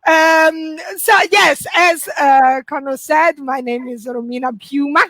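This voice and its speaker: An Italian stand-up comedian in her forties, with an Italian accent, performs from home over a video call in a high, fairly bright voice, with a little hiss or hum. Her set is chatty and self-mocking, and she laughs through her lines.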